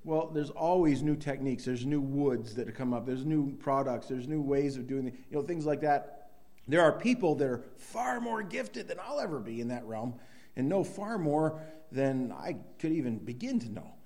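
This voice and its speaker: A man's voice: medium pitch, animated, normal speed, a little mellow. A middle-aged man preaching a sermon in a loose, conversational way, with many restarts and sudden emphatic bursts. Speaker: pastor.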